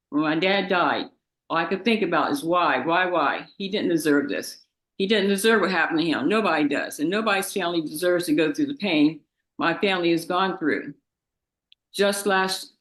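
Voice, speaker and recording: A young woman, the victim's daughter, reads a halting, emotional statement in a courtroom, often repeating her words. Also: lowish voice, fairly bright tone, roomy sound, rough recording. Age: young adult. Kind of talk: reading a victim impact statement.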